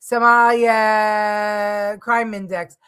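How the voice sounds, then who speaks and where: A woman's voice: mid-range voice, flat delivery, extremely slow, fairly bright tone, smooth. A woman hosting a live news talk show, giving blunt, heated opinion commentary with frequent ums and uhs.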